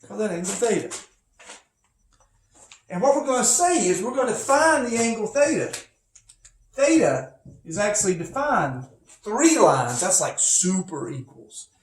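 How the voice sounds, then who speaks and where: In an echoey room with faint noise, a man teaches physics from home as a casual recorded lecture. His high voice is very animated, yet he keeps a measured pace and pauses often, rambling chattily into many asides.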